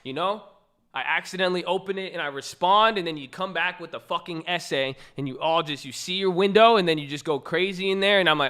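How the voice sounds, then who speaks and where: A man's voice: high-pitched, brisk, bright, forceful tone, clean tone. A young man from Southern California streaming at his computer, chatting casually with viewers in a joking, slangy, profane way. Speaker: live streamer. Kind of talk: casual chat reading viewer messages. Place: at a computer, indoors.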